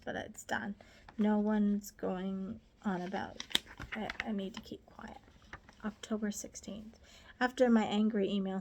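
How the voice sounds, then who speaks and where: A woman reading her own diary aloud, soft and often half-whispered, halting and grieving. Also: medium pitch, creaky, a little hiss or hum. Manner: halting, with restarts. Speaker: diary reader.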